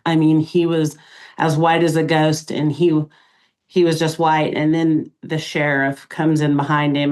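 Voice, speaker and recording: A middle-aged woman appears as a podcast guest, recounting events in an emotional interview. Her low voice halts often, full of pauses and fillers.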